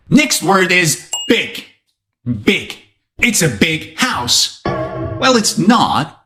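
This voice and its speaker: A male English teacher giving a vocabulary lesson straight to camera. His pitch sits a little high and leaps about constantly, and he keeps things playful with joking asides. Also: pushed and bright.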